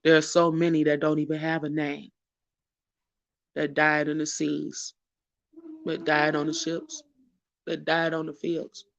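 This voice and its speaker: Gravelly, tearful man hosting a livestream. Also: fairly high pitch, completely flat delivery, unhurried, long pauses. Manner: preacherly and urgent, with repeated phrases and casual shout-outs. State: tearful and emotional. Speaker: host of a live online show. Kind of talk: emotional livestream talk and exhortation. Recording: dull lo-fi stream audio.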